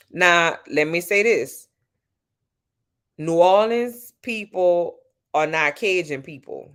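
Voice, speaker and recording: A woman's voice: sits low, lively intonation, measured pace. Sassy Louisiana woman chatting with viewers. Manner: sassy, playful, talks straight to her viewers. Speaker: live streamer answering chat. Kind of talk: casual live-stream chat. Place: at home at night.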